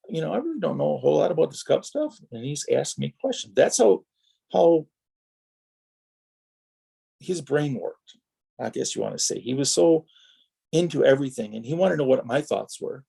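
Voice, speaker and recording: Slightly high in pitch and creaky with a breathy edge, his voice moves at a normal speed but pauses often. He's a middle-aged ex-racer from Wisconsin guesting on a podcast, telling meandering racing anecdotes with animation and acting out the dialogue he recalls.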